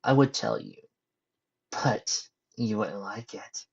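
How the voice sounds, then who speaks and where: A gloating, sneering mad scientist pony, as a male reader puts him on, his husky voice dropping quiet and menacing. The sound is muffled and lo-fi, like a home recording. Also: lowish voice, takes it slowly, full character voice.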